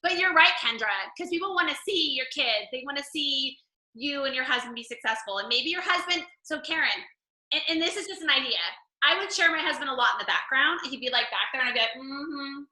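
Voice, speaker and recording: A woman with a high, very bright voice coaches her group in a chatty, animated way. She tells stories full of "like" and keeps talking fast and easily. The sound is echoey, as if in a bare room. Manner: chatty, animated storytelling with lots of "like". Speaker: fitness coach leading a group call. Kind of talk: casual coaching talk.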